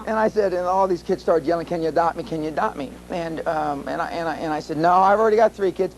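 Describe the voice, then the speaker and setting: A man's voice: a little high, quick pace, few pauses, a little hiss or hum, low-quality recording. An older American man speaking at a live seminar, telling stories in a blunt, profane way. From USA.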